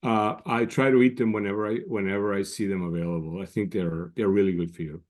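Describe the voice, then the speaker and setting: A man with a fairly low voice talks as an expert guest in an interview. He explains patiently and measuredly, often restarting his sentences before finishing a thought. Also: steady tone, quick pace, darkish tone. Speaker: guest scientist. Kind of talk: interview answers.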